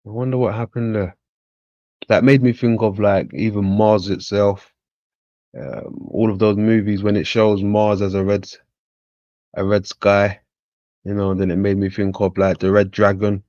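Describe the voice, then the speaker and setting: Brief: low-voiced man, rambling casual talk, dry dull recording. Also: level tone, a little slow, darkish tone, no room sound. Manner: rambling, self-correcting. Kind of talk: casual musing chat.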